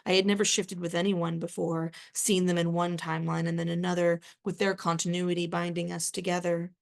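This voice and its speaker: A woman reads her own literary fiction aloud at a live event in a low, gravelly voice. She keeps her delivery measured and flat, hardly lifting or dropping her pitch, and slips in the odd dry aside. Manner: measured, even first-person reading with a dry aside. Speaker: author reading her own work.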